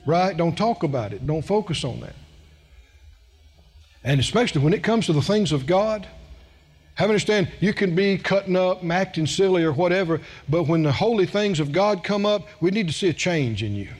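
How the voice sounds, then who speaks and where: A man's voice: sits high, lively intonation, moderate pace. A middle-aged man preaching a sermon in a folksy, emphatic way, repeating phrases for stress.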